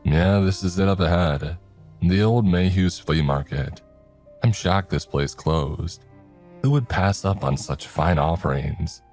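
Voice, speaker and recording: A man's voice: low-pitched, unhurried, darkish tone, soft background music. A man voicing a sarcastic young friend who cracks jokes. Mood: joking. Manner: wisecracking, sarcastic.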